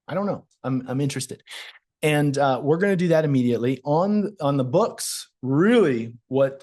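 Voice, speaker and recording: A man guesting on a podcast as a performance coach, talking in an energetic, emphatic, motivational way. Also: mid-range voice. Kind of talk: casual conversational interview.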